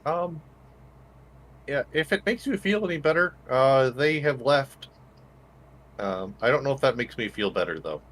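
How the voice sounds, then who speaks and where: A man playing a tabletop game, speaking in character hesitantly and politely, with many pauses. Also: mid-range voice, expressive, a bit bright. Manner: hesitant, polite, full of ums. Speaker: player.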